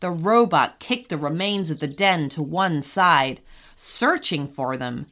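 A woman narrating a children's story in an animated storytelling manner. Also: sits low, slow.

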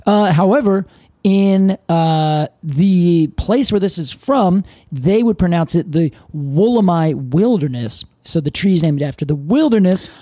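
A man's voice: high voice, lively intonation, measured pace, mellow, no room sound, clean studio sound. A man co-hosting a podcast in casual chat, chatty and laughing often as he explains things at length. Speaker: podcast co-host.

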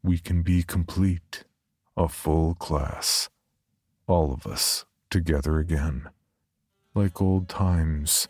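A man voicing a tall, fleshy undead former classmate with a deep voice and a slow, beckoning way of talking. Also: a little mellow, breathy edge, no room sound, clean studio sound, exaggerated voice. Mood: menacing. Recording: faint music behind.

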